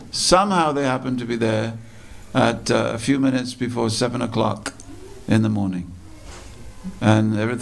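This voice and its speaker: A man giving a storytelling sermon at a temple, slow and dramatic, repeating phrases for effect. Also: mid-range voice, creaky. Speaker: speaker at a temple festival. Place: temple hall.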